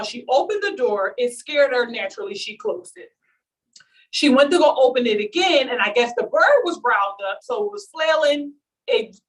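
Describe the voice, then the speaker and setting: Animated woman telling stories on a distant mic. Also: high voice. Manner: animated, comic storytelling with acted-out quotes. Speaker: speaker at a launch event. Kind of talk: storytelling talk to an audience.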